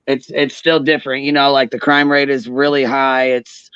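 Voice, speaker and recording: A man's voice: mid-range voice, flat delivery, moderate pace, fairly bright tone, clean tone, no echo. A man from the Chicago area chatting casually on a podcast, swearing in passing. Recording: dull lo-fi audio.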